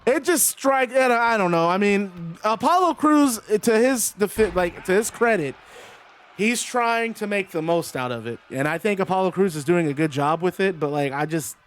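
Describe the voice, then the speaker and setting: A man's voice: high voice, animated, normal speed, slight background noise. A man calling a simulated wrestling match in casual play-by-play, rambling between the moves and answers to chat.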